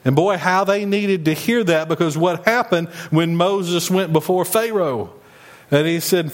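A man's voice: sits high, a little slow. A man preaching a sermon in a conversational way, retelling the story and acting out the speakers he quotes. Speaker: pastor.

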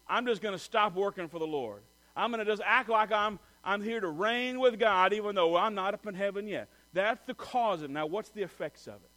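A man preaching a sermon as a pastor, telling stories and acting out quoted voices, swinging from loud to soft. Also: high-pitched.

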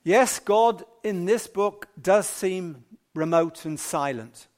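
Man, preacher, sermon, slow and deliberate, fairly high voice. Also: darkish tone. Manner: measured, emphatic preaching with long pauses.

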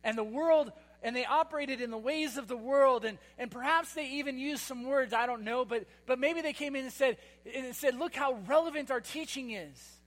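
Very high-pitched guy preaching, lots of repeats, sarcastic bits, big hall echo and a hum. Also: moderate pace, hardly any pauses, fairly bright tone. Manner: emphatic, repetitive, sarcastic asides. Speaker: pastor. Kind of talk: sermon. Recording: long hall reverb with mains hum.

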